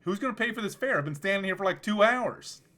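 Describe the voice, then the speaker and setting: An exasperated taxi driver complains in a raised, high-pitched voice. A man acts him out while telling a story. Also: lively intonation, fast, sharp tone. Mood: indignant. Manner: indignant, raised voice.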